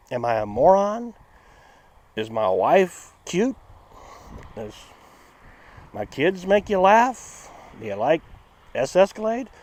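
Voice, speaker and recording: A man hosting a casual car-restoration vlog outdoors. He talks in a chatty, folksy way and swings between a high, excited voice and a flat one. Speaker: channel host.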